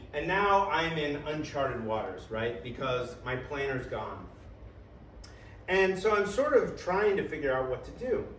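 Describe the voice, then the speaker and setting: Animated man telling a comic story. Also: mid-range voice, slight background noise. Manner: animated, profane, full of "like" and "right?". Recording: echoey room, distant mic, faint ambience.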